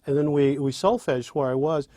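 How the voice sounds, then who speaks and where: A man teaching songwriting in a spoken lesson, demonstrating by speaking and singing lines in an animated way. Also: on the high side, normal speed, no room sound, clean studio sound. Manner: animated, with restarts. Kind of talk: spoken lesson with sung examples.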